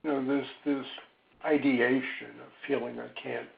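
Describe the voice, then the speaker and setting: A man speaking as a psychologist in a webinar, gentle and reflective, with many ums and pauses. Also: medium pitch, little pitch movement, vocal fry. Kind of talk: slow, thoughtful webinar talk. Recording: tinny phone-line sound.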